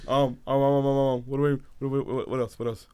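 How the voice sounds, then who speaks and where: A man's voice: mid-range voice, little pitch movement, fast, dark tone, clean tone. A man co-hosting a casual podcast, laughing often and stumbling over repeated fillers. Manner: giggly, stammers with repeated fillers. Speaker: podcast co-host. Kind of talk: casual chat.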